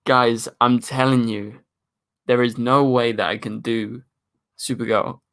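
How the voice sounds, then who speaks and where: A man with a British accent and a deep voice, hosting a live stream in a casual, chatty way and answering viewer questions into a microphone. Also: fairly even intonation, a little slow, a bit bright. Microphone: studio microphone.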